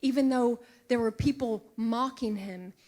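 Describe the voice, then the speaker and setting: A woman's voice: on the high side, measured pace. Earnest woman preaching a sermon. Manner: earnest, emotional, drops to a hushed whisper for emphasis.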